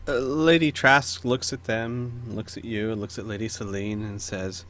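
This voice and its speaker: A man's voice: lowish voice, steady tone, normal speed, hardly any pauses, a bit bright. A man narrating as game master, easygoing, with frequent filler sounds.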